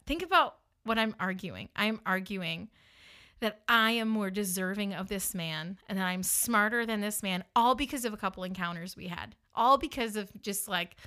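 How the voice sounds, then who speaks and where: A woman hosting a podcast, telling a personal story in an animated, self-mocking way and acting out the dialogue. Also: mid-range voice, normal speed. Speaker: podcast host.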